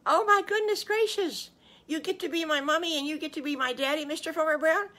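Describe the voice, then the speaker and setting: A grandmother voicing Little Bad Wolf, an eager, sweet little boy wolf, in a high, rushed storybook voice. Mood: overjoyed. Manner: high, rushed and breathless with excitement.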